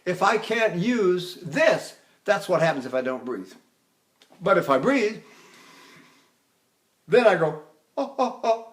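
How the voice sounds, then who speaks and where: Older guy voice teacher, kinda high voice, rambly lecture that slips into opera bits. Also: lively intonation, takes it slowly, pauses often, fairly bright tone. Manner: rambling, conversational, breaks into operatic singing. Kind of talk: recorded vocal lecture with sung demonstrations.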